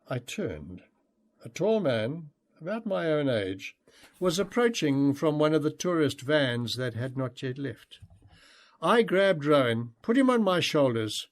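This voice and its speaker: A man narrating his own memoir as an audiobook, in a heartfelt, expressive way. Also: a little high, slow pace.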